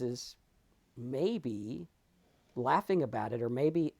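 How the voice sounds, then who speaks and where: A man co-hosting a talk on recovery, animated and emphatic, acting out characters in his stories and swearing freely. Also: medium pitch, normal speed. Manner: animated, acts out characters in anecdotes. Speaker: podcast co-host. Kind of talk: casual spiritual recovery talk.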